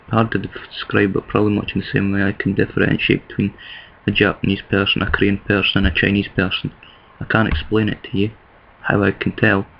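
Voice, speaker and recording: Low gravelly Scottish man, flat delivery. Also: lo-fi sound, a little hiss or hum. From east of Scotland. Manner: rambling, thinks aloud with many restarts. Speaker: vlogger. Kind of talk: casual talking-to-camera vlog.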